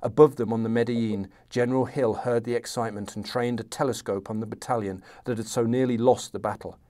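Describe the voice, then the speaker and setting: A man's voice: medium pitch, steady tone, fairly quick, mellow. A man hosting a history podcast, reading aloud from a novel and chatting with enthusiasm. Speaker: podcast host.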